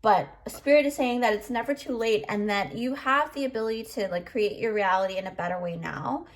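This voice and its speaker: A woman's voice: a little high, brisk. Chatty, emotional woman reading tarot. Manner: chatty, emotional, filler-heavy. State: choked up. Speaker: tarot reader. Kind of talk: pick-a-card tarot reading.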